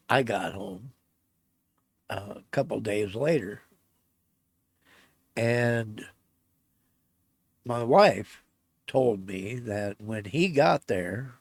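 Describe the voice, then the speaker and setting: Gravelly, slow-talking man telling a story. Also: medium pitch, no echo, clean studio sound. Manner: blunt, swears constantly, grows heated and loud. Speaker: storyteller recounting a personal event. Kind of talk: casual spoken storytelling.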